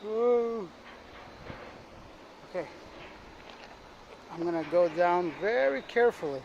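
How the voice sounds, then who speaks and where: Guy vlogging on some hills, kinda high voice, chatty and joking at himself, wind and traffic noise behind him. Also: animated, slow, long pauses, darkish tone, rough recording. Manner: chatty, self-mocking, talks to camera. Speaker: travel vlogger. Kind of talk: casual vlog narration. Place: outdoors on rocky hills above a city. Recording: outdoor mic with wind and street noise. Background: traffic, car horns and dogs outdoors.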